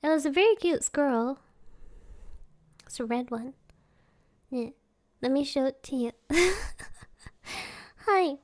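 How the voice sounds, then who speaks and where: A woman with a very high voice chats to her stream, giggling and rambling playfully. She talks slowly, and the sound is dry and close. It is a casual live-stream from home. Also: lively intonation, darkish tone, no echo.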